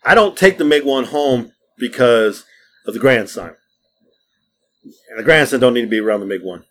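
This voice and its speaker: A man's voice: medium pitch, expressive, moderate pace, a bit bright. A middle-aged man co-hosting a podcast, brash and joking, laughing often and swearing freely in casual banter. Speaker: podcast co-host.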